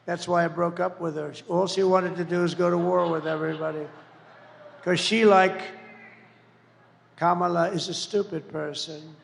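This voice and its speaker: A man's voice: sits high, fairly even intonation, moderate pace, creaky. A man giving a boastful, rambling campaign rally speech, mocking his opponents as he goes. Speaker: political candidate. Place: large rally venue. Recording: echoey hall, faint background noise.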